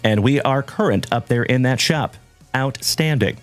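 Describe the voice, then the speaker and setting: A man hosting a live trading-card stream, chatting warmly with viewers and giving shout-outs. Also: medium pitch, normal speed, no room sound, soft background music. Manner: hearty, shout-outs full of "my brother" and "my man". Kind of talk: upbeat livestream chat with viewers.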